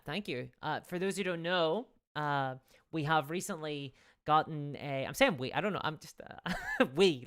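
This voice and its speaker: A woman with a notably low-pitched voice hosts a casual live stream. She rambles, restarting her sentences often, and pauses to thank viewers for their donations. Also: fairly bright tone, clear, resonant tone. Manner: rambling, with frequent restarts and fillers.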